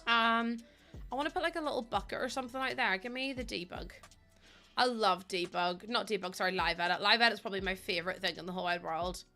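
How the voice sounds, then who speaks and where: Bright-voiced woman streamer chatting. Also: medium pitch, quick pace, soft background music. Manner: chatty, rambling, many ums and fillers; bubbly, greets chat warmly. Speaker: game streamer. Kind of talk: casual live-stream chat.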